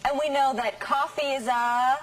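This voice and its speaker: A woman teaching English in a scripted classroom lesson, saying model sentences slowly and carefully. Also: high voice, fairly even intonation, distant mic, slight background noise, rough recording. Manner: slow, careful, over-articulated model sentences.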